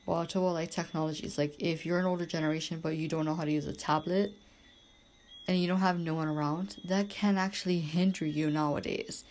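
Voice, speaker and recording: Woman, podcast host, talks in a loose, emphatic monologue full of "like" and "literally", slightly low voice. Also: fairly even intonation, fast talker, a little mellow, a little hiss or hum. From Bermuda. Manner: rambling and emphatic, heavy use of "like" and "literally". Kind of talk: casual monologue.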